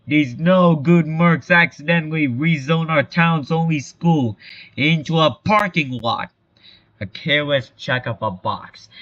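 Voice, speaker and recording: A man voicing a pompous, dim-witted small-town male mayor in a comic reading. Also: lo-fi sound. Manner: shouty, theatrical, high-pitched outbursts.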